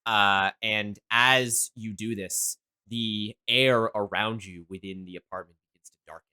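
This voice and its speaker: A man running a tabletop game, describing the scene with a bright, forward tone. He talks in a halting way, stopping often with fillers and restarts. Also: lowish voice, fairly even intonation, clean tone. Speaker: game master.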